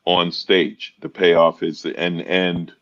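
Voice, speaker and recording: A man with a very low, deep voice tells stories in a relaxed podcast chat. He brightens and lifts his voice whenever he acts out what someone said. The sound is a little dull and lo-fi. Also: slow pace. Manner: animated storyteller, acts out quotes in raised voice. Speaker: comedian guest. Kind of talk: casual podcast conversation.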